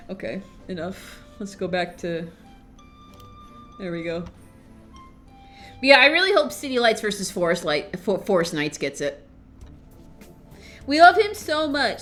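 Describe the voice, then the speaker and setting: A woman streamer chatting casually to her viewers, excitable, swinging between mumbles and squeals of laughter. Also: mid-range voice. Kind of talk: casual livestream chat.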